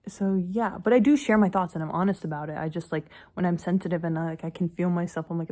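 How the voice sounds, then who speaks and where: Young woman, casual vlog, rambling, filler-heavy, occasional swearing, lowish voice. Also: fast talker, few pauses, warm tone. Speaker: vlogger.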